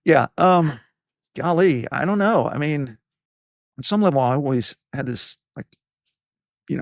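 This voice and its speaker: A man's voice: on the high side, animated, measured pace, creaky, pauses often, dry recording, studio quality. A man in his fifties from East Tennessee, telling his own life story in an interview, reflective and rambling with many fillers and restarts. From East Tennessee, USA. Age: 50s. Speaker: leadership podcast host as guest.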